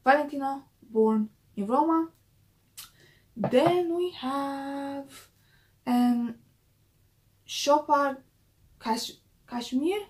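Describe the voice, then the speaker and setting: A woman's voice: high voice, drawn-out words, long pauses, darkish tone. A woman talking casually to camera in a perfume review vlog, chatty and repeating her key points for emphasis.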